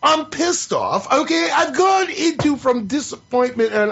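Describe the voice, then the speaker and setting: A man's voice: extremely high pitch, animated, a little slow, vocal fry, few pauses, fairly bright tone. A man hosting an opinion podcast, venting in an exasperated, sarcastic, profane rant. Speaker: podcast host. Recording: slightly muffled lo-fi audio.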